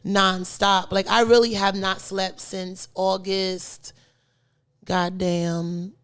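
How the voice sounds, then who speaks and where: A woman co-hosting a podcast who tells stories in an animated, casual way, often quoting what people said. Her voice sits at a middle pitch. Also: takes it slowly, clear, resonant tone. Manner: animated storyteller, quotes people. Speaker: podcast co-host. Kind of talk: casual storytelling chat.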